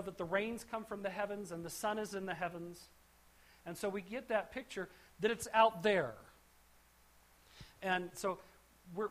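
Conversational woman teaching scripture. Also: medium pitch. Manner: conversational, with frequent restarts and asides. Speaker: Bible teacher. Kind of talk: verse-by-verse Bible teaching.

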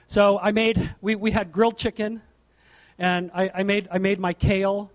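A middle-aged man preaching a sermon from a church platform, animated and asking the congregation questions. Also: high-pitched, normal speed. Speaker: pastor.

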